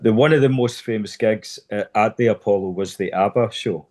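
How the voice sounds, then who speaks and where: A man co-hosting a podcast, telling relaxed anecdotes in casual chat. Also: lowish voice, brisk. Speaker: podcast co-host.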